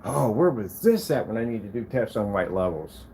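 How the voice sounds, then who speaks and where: Brief: low-voiced man talking to himself on camera, lively swings in pitch, proud and defensive. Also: normal speed, slight background noise. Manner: animated, talks to himself as he browses; proud, defends his product. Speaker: projector screen maker demonstrating his product. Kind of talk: casual talk to camera while testing.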